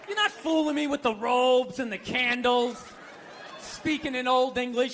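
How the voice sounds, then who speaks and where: Stand-up man, very high bright tenor, sarcastic ranting, live stage mic with a faint crowd. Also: normal speed, slight background noise. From United States. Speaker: stand-up comedian. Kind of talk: stand-up routine. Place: comedy stage before a live audience. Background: audience laughter.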